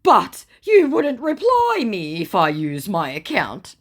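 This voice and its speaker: A woman voicing a pleading, evasive male online scammer in a slow, whiny, drawn-out voice. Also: mid-range voice, huge pitch swings, voice pushed up, exaggerated voice. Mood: wheedling. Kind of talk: dramatized chat reading.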